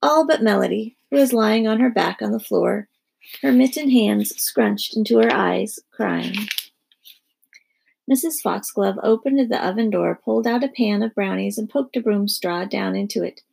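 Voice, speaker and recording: Woman reading a kids' book aloud, very gravelly, kinda husky. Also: mid-range voice, moderate pace, a little mellow. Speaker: narrator. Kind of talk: children's story reading.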